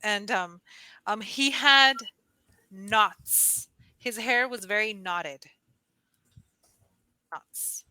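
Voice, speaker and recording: Speaking very slowly, a woman gives a casual conversation lesson in English over video, lively in her storytelling, constantly saying "like," and squealing out quoted lines. The recording is rough but has no echo.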